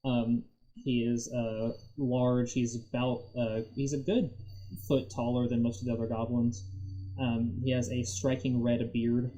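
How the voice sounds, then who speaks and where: A man's voice: mid-range voice, little pitch movement, a little slow, mellow, poor audio. A man narrating a tabletop game as game master, rambling with many fillers and frequent laughs.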